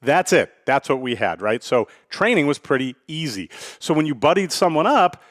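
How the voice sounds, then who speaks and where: A man's voice: fairly high pitch, very animated, normal speed, a bit bright, no room sound. Chatty middle-aged man, dry close sound. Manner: chatty, storytelling, frequent "right?" asides. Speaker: podcast host. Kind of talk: casual business talk.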